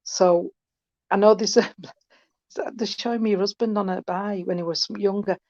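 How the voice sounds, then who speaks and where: A woman's voice: medium pitch, fairly even intonation, measured pace, a little mellow, no room sound. A woman giving an online mediumship reading, chatty and affectionate, calling people sweetheart. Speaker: spiritualist medium. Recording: dull, dry call audio.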